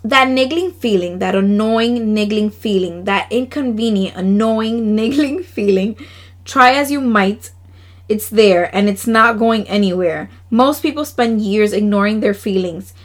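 Woman, podcast host, casual solo talk, average pitch, earnest, frequent laughs, slangy asides. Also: a little slow. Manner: earnest, emotional. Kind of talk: casual solo podcast, reading oracle cards.

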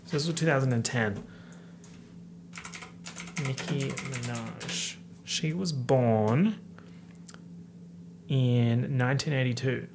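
A man in his late twenties hosting a casual lyric breakdown, excitable, breaking into sudden outbursts and whispered asides. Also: medium pitch, takes it slowly, pauses often, noisy background. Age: late 20s. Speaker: host.

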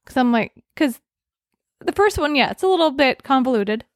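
Chatty higher-voiced woman, dry sound. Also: expressive, normal speed, dry recording. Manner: chatty, rambling, self-correcting. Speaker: podcast co-host. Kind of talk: casual chat reviewing films.

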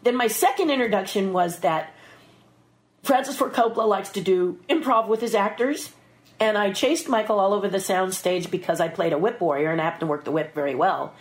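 A middle-aged woman telling an animated story as a guest, jumping into quick voices for the people in it. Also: medium pitch. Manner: lively storyteller who puts on voices for the people in her story. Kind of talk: animated anecdote.

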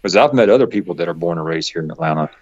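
A man's voice: low voice, animated, very fast, a little mellow. A middle-aged man with a Georgia Southern accent, chatting casually as a guest, rambling with fillers and frequent chuckles. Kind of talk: casual interview chat. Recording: dull lo-fi recording.

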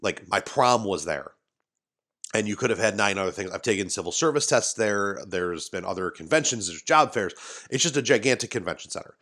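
Low-voiced rambling storyteller man. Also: lively intonation, fairly quick, a bit bright. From Western New York. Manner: rambling, many restarts and asides. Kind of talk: casual storytelling. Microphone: studio mic, adjusted mid-talk.

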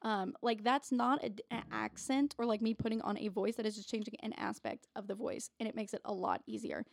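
A woman's voice: fairly high pitch, fairly even intonation, brisk, creaky, dry recording, clean studio sound. A woman co-hosting a podcast in casual chat, swearing freely and laughing easily. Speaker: podcast co-host.

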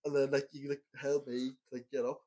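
A man's voice: mid-range voice, level tone, fairly quick, mellow, husky. Young guy, laughy, swears a lot, just chatting with a mate. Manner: laughing storyteller, heavy swearing. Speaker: podcast co-host. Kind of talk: casual chat.

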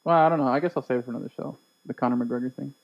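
A man co-hosting a casual podcast, easygoing and quick to laugh, who closes the show by promoting its website. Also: medium pitch, creaky, muffled recording. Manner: easygoing, laughs often, promotional when wrapping up. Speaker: podcast co-host.

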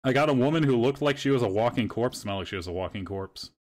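A man's voice: mid-range voice, lively intonation, fast. Casual swearing young man telling stories. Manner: swearing, rambling storyteller. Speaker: podcast host. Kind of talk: casual chat.

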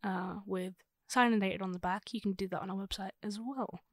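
A woman's voice: medium pitch, fairly even intonation, fairly quick, dry recording, clean studio sound. A woman from Liverpool co-hosting a podcast, chatty and teasing, jumping in with questions. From Liverpool, England. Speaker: podcast co-host. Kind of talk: casual chat.

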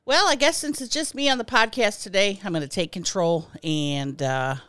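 A woman's voice: mid-range voice, normal speed, fairly bright tone, clean tone, no room sound. A woman co-hosting a comedic podcast, joking in a mock-announcer way, playful and exasperated. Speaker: podcast co-host.

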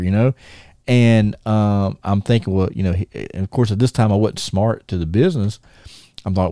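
A man's voice: fairly low pitch, normal speed, dark tone, no room sound, clean studio sound. A middle-aged man, hosting a podcast and telling a long, rambling, stop-start story to a friend. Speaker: podcast host.

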